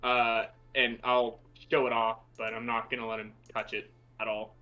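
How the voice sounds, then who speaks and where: A man's voice: medium pitch, monotone, moderate pace, highs cut off. A man playing a tabletop role-playing game, talking hesitantly and playfully, with many restarts. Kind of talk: casual tabletop role-play chat.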